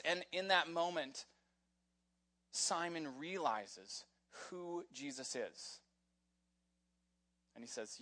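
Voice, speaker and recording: A man preaching a sermon in a casual, animated storytelling way, with frequent fillers as he talks. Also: fairly high pitch, slow pace. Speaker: pastor. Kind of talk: conversational sermon.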